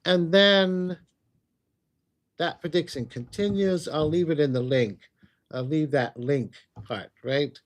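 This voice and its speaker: A man's voice: on the high side, slow pace, a little hiss or hum. Chatty male psychic livestream host. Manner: chatty, rambling, answers viewer questions. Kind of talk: casual livestream Q&A.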